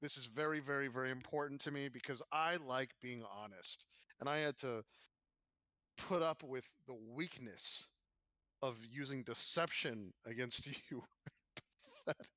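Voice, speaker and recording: A man voicing a smug, menacing male villain who mocks and threatens in a slow, contemptuous way, on a dull lo-fi recording. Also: medium pitch, sharp tone, dry recording.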